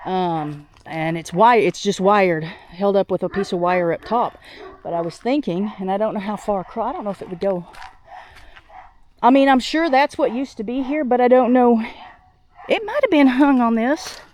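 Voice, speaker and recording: A woman vlogging outdoors on her farm while doing chores, sick and a little out of breath, thinking out loud with many restarts. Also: medium pitch, moderate pace, a little hiss or hum. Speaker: homestead vlogger.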